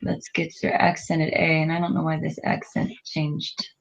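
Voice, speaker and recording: Teacher, female, lowish voice, patient and prompting, slightly dull lo-fi recording. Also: monotone, moderate pace, creaky. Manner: patient, prompting with questions, many fillers. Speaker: Spanish teacher. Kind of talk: classroom lesson going over exercises.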